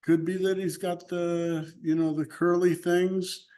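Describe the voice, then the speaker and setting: Slow-talking man teaching Bible class. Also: high voice, flat delivery, dark tone. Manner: chatty, laughs easily, loose restarts. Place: church classroom.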